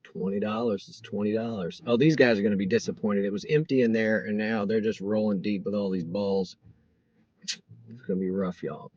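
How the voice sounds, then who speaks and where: A man's voice: lowish voice, fairly even intonation, fairly quick, darkish tone, husky, no room sound, highs cut off. A man, rambling casually to viewers during a delivery livestream. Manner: rambling, chatty, talks to viewers. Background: faint crickets and insects.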